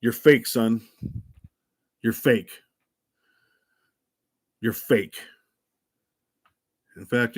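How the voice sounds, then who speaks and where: An older man hosting a livestream in casual chat, blunt and profane, given to ranting. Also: mid-range voice. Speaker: livestream host.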